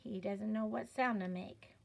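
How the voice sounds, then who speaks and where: A woman's voice: mid-range voice, fairly even intonation, a little slow, gravelly. A woman teaching a children's phonics lesson, sounding out letters patiently and encouraging the learners. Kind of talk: slow step-by-step reading lesson.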